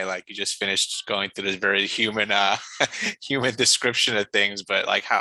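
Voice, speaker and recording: Flat-voiced hesitant male host. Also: fairly low pitch, no echo. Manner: hesitant, stammering. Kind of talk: interview question.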